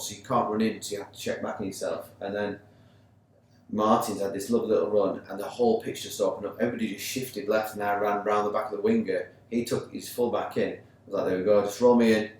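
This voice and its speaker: A man's voice: lowish voice, fairly even intonation, fast, darkish tone, very echoey, distant mic, low-quality recording. An English man co-hosting a sports podcast, chatting casually and acting out both sides of an argument as he tells a story. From England. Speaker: podcast co-host. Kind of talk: casual chat.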